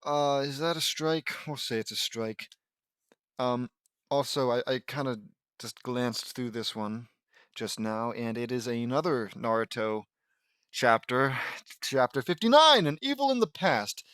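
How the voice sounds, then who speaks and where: A man with a sore throat reads fan fiction aloud, constantly breaking off into rambling, self-mocking chatter. His voice sits at an ordinary pitch. The home recording is dry and close. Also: animated, measured pace, a bit bright, clear, resonant tone, no room sound. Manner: rambling, self-deprecating, easily sidetracked. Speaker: fan fiction audiobook reader.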